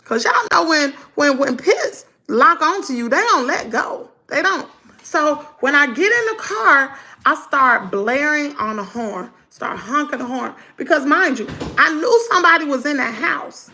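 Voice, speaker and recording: A middle-aged woman, telling her viewers a story in a lively storytime chat. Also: high voice, a little slow. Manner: animated, talks to viewers as y'all. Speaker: vlogger.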